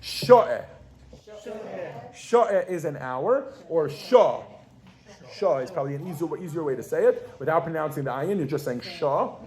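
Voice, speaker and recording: Pregnant woman teaching a lively class. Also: sits low, a little fast, few pauses. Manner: animated, quizzes the class with frequent questions; casual, with fillers and restarts. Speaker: Yiddish teacher. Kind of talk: classroom language lesson.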